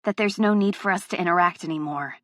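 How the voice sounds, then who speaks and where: A woman's voice: lowish voice, quick pace, a bit bright, no room sound. Woman narrating an audiobook in a dry booth. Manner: emotionally charged, heated reading. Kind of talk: first-person audiobook narration.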